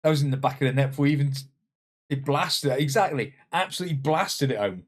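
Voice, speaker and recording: A man commenting on his own football management game, swinging between loud exclamations and muttered asides. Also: medium pitch, fast. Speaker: gaming channel host. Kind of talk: let's-play commentary.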